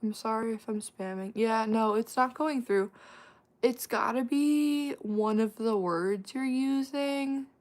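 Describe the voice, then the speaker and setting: Slow-talking casual woman streamer. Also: a little high, darkish tone. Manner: chatty, laughs often, quick asides. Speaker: livestream host answering chat. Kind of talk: casual livestream chat.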